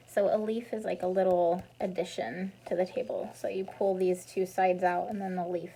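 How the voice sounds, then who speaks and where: A woman reading a picture book aloud, adding casual explanations to listeners, sometimes dropping to a soft near-whisper. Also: fairly low pitch, little pitch movement, moderate pace, gravelly, hardly any pauses, slight background noise, poor audio. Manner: warm asides, soft and near whispered at times. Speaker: storybook reader.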